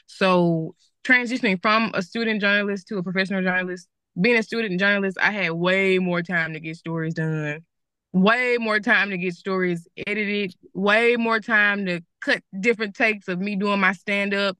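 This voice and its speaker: A woman's voice: medium pitch, normal speed, bright, forceful tone, clear, resonant tone, no echo. A young woman with a Southern American accent, a TV journalist guest, talking candidly and chattily about her career at a school event. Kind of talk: school career talk interview.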